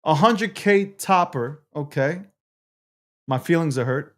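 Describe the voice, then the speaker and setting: A man with a high-pitched voice hosts his own live stream, talking loosely and profanely as he reads out viewer comments. He swings between playful wounded feelings and loud hype. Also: expressive, slow. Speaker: livestream show host. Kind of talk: casual live-stream chat.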